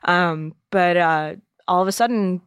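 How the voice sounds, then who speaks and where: A woman's voice: fairly low pitch, a little slow, a bit bright, clear, resonant tone, no echo, clean studio sound. A young adult woman from Massachusetts, telling her story in a casual interview, with lots of "you know" and "um". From Massachusetts, USA. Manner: chatty, full of fillers like "you know" and "um". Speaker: interview guest, wine buyer.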